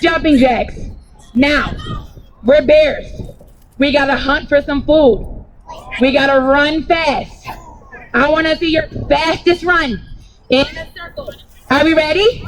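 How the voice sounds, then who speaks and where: A young woman leading an energetic outdoor movement class for children, cheering and coaching them playfully through each move. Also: extremely high pitch, normal speed, pauses often, a crowd in the background, background noise. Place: outdoors on grass.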